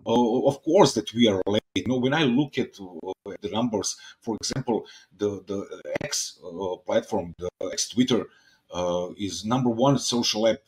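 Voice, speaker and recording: A podcast host from Serbia, a man speaking English, talking in an excitable, casual way, often repeating words and restarting. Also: on the low side, normal speed. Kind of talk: casual interview chat.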